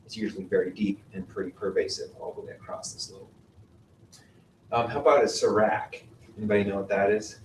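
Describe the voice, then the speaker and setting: A man's voice: on the low side, brisk, darkish tone. A man giving a classroom lecture on glaciers, quizzing the class and explaining patiently. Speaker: mountaineering instructor. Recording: roomy, distant mic with faint noise.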